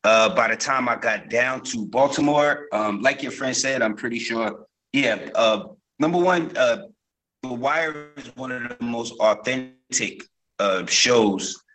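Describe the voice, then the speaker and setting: A man's voice: mid-range voice, measured pace, fairly bright tone, poor audio. A man from Newark, a guest actor, telling stories in a casual interview, loose and rambling with many fillers and restarts. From Newark, New Jersey.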